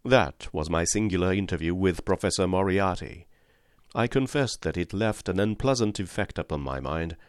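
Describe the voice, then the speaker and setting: Low-voiced male audiobook narrator. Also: lively intonation, normal speed, clean tone, no echo, clean studio sound. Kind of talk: scripted narration of a classic detective story.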